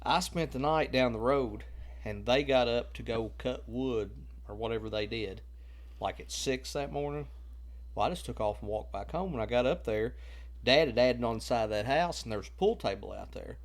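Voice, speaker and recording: In a family podcast, a male co-host with a mid-range voice speaks at normal speed. He jokes, teases and laughs a lot while chatting and telling a story from his own childhood.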